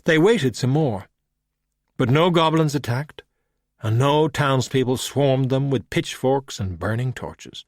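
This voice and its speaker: A man narrating an audiobook, dropping soft and quiet on the speech tags. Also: mid-range voice, animated, slow, no echo. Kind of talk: scripted narration. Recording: dry close audiobook recording.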